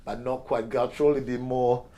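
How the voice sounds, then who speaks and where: A man's voice: medium pitch, level tone, normal speed, mellow. An older man whose first language is Portuguese, tipsy and rambling through a profane history rant while acting out characters in quotes. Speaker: show regular.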